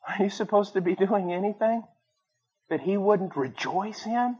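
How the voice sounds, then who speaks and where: A man preaching a sermon, telling stories with acted-out voices and swinging between loud bursts and quiet asides. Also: sits high, expressive, unhurried, husky. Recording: dull lo-fi sermon recording.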